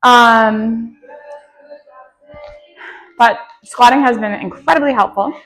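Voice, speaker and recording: A woman powerlifter chatting out loud between heavy squat sets, out of breath, in her home garage gym. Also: a little high, takes it slowly, faint music behind. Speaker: powerlifting vlogger. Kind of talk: casual mic'd-up training commentary. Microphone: clip-on mic.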